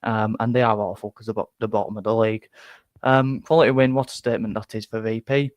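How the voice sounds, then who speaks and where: A man's voice: lowish voice, flat delivery, fast talker, no room sound. A man hosting a football reaction live stream, rambling and self-deprecating with many restarts. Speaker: football fan channel host.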